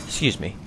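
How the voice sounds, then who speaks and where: A man hosts a video game let's play, giving casual commentary as he plays. He chats and rambles, often poking fun at himself.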